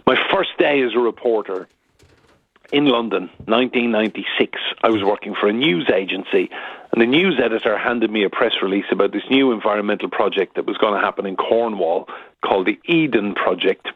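Man in his 50s, news reporter, chatty storyteller, husky voice, tinny phone line, dry sound. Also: on the low side, brisk, dry recording. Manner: chatty storyteller, acts out quotes. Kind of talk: phone-in anecdote telling. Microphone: telephone.

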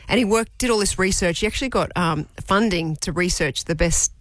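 A woman's voice: lowish voice, brisk, fairly bright tone, no room sound. A woman in her forties, co-hosting a radio show and telling a story in casual, chatty talk. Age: 40s. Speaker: radio co-host.

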